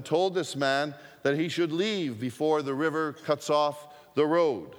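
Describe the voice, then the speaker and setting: Slow, deliberate male preacher in a hall. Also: medium pitch. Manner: slow, deliberate storytelling with repetition. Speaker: pastor. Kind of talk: sermon. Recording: long hall reverb.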